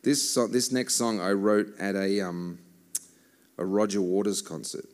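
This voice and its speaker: A man's voice: lowish voice, a little slow. A man, a worship musician chatting between songs at a church service in a joking, self-mocking way. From Australia. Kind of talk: casual stage banter between songs.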